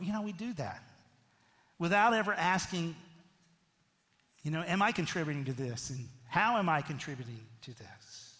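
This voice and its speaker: A man's voice: fairly high pitch, lively intonation, moderate pace, a bit bright, in a large hall. A middle-aged man preaching a sermon as a pastor, in a conversational way that keeps checking in with the listeners. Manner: conversational, frequent "right?" asides.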